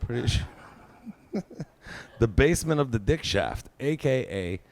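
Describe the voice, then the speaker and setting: A man's voice: mid-range voice, lively intonation, measured pace. A man doing live stand-up, telling a crude, self-mocking story peppered with swear words. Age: 40s. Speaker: stand-up comedian.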